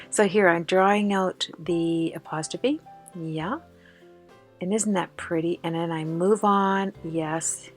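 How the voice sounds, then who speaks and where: A chatty, enthusiastic woman talks through her crafting in a slightly low voice, sounding out of breath from the flu. Faint music plays underneath her voice-over. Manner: chatty and enthusiastic, many fillers. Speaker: card-making video host.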